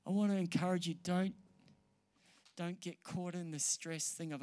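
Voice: medium pitch, steady tone, normal speed, long pauses, darkish tone, clear, resonant tone. A preacher giving a sermon to a live congregation in a church room. The preacher speaks earnestly, repeats key phrases for emphasis, and mixes in light humor and banter with the room. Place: church hall or meeting room with an audience.

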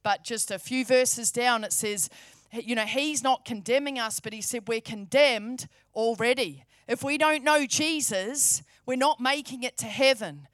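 Woman, preacher, sermon, high-pitched, fervent, emphatic, repeats phrases, dry sound. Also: a little slow, a bit bright, no room sound.

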